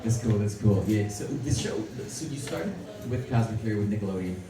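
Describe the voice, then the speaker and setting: A man's voice: lowish voice, expressive, brisk. A man hosting a convention panel, chatty and laughing, with rambling restarts as he asks questions. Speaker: podcast host moderating a convention panel. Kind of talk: casual panel interview. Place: large convention hall. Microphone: handheld mic. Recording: echoey convention hall, distant mic, loud crowd.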